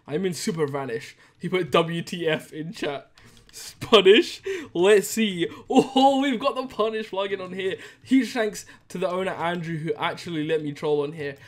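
Giggly high-voiced male gameplay commentator. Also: normal speed. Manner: excitable, giggly, laughs often. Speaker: YouTuber.

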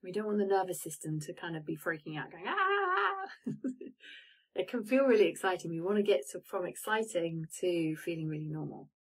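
A woman leads a live-streamed coaching talk, guiding gently and pausing to let listeners reflect. Her voice sits a little low, with an airy, breathy texture. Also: rough recording. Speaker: manifestation coach.

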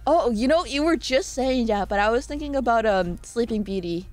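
A young woman chats on her live stream in a bright, high voice, rambling playfully and reading messages from chat aloud. Faint music plays quietly behind her. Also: animated, fairly quick.

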